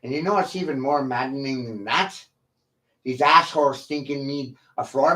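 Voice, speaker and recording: A man ranting on a livestream, profane, combative and boastful, with long pauses between his lines. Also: mid-range voice, animated, a bit bright. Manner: slow, drawn-out delivery with long pauses. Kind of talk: livestream rant.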